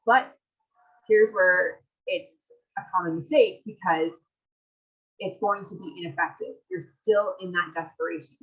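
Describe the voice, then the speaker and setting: A woman's voice: fairly low pitch, a bit bright, muffled recording. A woman marriage coach presenting a live webinar, reading out audience comments and asking rhetorical questions.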